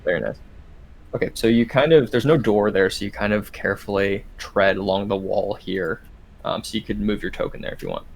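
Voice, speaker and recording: A man's voice: fairly low pitch, brisk, creaky, slight background noise. A man narrating as game master, describing the scene with lots of hesitant ums.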